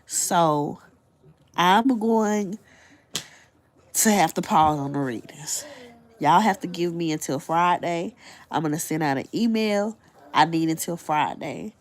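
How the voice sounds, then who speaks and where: A woman on a livestream, telling an upsetting story in an exasperated way and repeating phrases for emphasis. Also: fairly low pitch. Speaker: livestream reader host. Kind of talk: emotional livestream vent.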